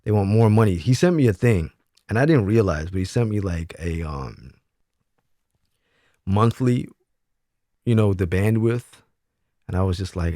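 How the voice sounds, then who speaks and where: A young man from New hosts a loose livestream, his low voice close and dry with no room sound. He talks bluntly and swears freely, restarting his sentences as he goes. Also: expressive, unhurried, long pauses, dark tone, no room sound. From Brooklyn, New York. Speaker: livestream host. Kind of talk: casual livestream chat.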